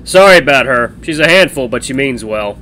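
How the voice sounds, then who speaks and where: A man voicing a stoic, gruff young man who is a protective older brother, curt and firm. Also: mid-range voice, lively intonation, brisk, pushed and bright, slight background noise.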